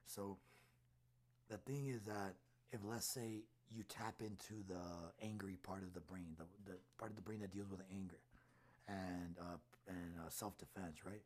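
Low husky guy telling a story, acts out all the quotes. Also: moderate pace. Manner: animated storyteller acting out quotes. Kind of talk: casual storytelling chat.

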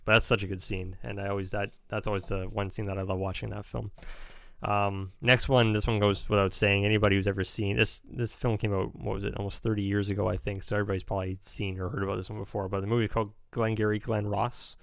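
A man's voice: lowish voice, flat delivery, fast, vocal fry, no room sound. A young man rambling casually about favourite film scenes as a podcast host, with lots of "like" and restarts. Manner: rambling, restarts often, uses "like" a lot. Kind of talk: casual chat.

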